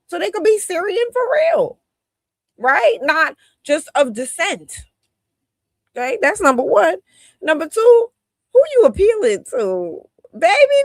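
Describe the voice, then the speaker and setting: A woman's voice: very high-pitched, dry recording. A woman giving heated, scornful commentary on a live stream, laughing and talking in a colloquial way. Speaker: commentator on a political talk stream.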